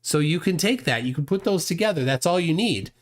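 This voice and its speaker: A man's voice: a little high, animated, a little fast. A man hosting a live stream, talking in a mocking, sarcastic way. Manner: mocking, sarcastic, acts out mock dialogues. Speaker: host.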